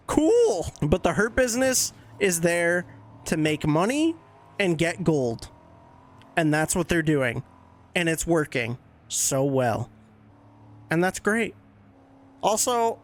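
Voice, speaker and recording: A man with a fairly high voice hosts a laid-back podcast. He talks in a chatty, candid way, with the odd swear word dropped in. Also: big pitch swings, measured pace. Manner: chatty, candid fan opinions with casual swearing. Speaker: podcast host. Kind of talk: casual wrestling commentary podcast.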